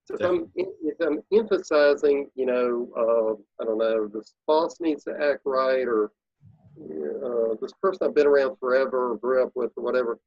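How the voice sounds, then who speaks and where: A man speaking as an interview guest, coaching listeners in an animated, emphatic way. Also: medium pitch, moderate pace, creaky, dry recording, lo-fi sound. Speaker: guest, productivity speaker and consultant. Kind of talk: casual interview talk.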